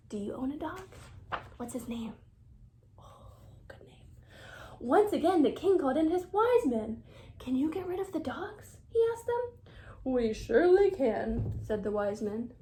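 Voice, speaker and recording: A woman reading a children's picture book aloud in an animated way, with whispered asides to the young listeners. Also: very high-pitched, measured pace, a little hiss or hum. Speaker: reader.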